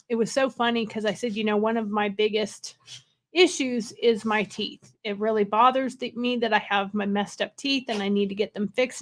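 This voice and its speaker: A woman's voice: on the high side, a bit bright. A woman hosting a casual livestream from a hotel room, rambling and wired, with frequent laughs. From California. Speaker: livestream host.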